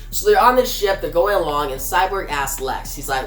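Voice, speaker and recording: A woman recapping a comic's plot in a casual, plain retelling, pausing with fillers. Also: on the low side, expressive. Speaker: comic reviewer. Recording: roomy with faint music.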